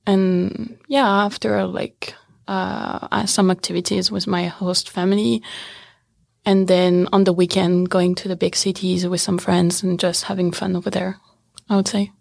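A young woman with a French accent speaks in a relaxed interview, pausing often with "um" and "uh" as she searches for English words. Her voice has a noticeable gravelly fry. The sound is dry and close, with no room around it. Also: on the low side, dry recording. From France. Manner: hesitant, halting, laughs easily. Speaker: interview guest. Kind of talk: casual interview chat.

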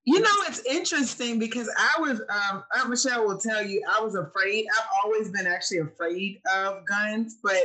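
A woman's voice: mid-range voice, moderate pace, hardly any pauses, bright, forceful tone, low-quality recording. A woman co-hosting a casual chat, telling stories in an earnest, emotional way. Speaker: co-host.

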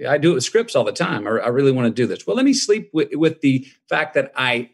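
A man's voice: mid-range voice, very animated, quick pace, vocal fry, husky. A man in his fifties, a guest telling a personal story in a folksy, reflective way and acting out the dialogue he quotes. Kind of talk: conversational storytelling.

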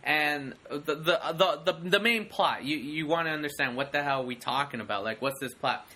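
A young man co-hosting a casual movie chat, rambling and excitable with many restarts. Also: a little high, a little fast. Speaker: podcast co-host.

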